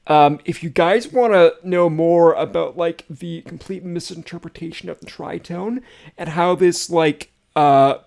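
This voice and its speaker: A man hosting a music reaction video, chatting casually and excitedly, with lots of fillers and swearing. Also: a little high, unhurried, vocal fry.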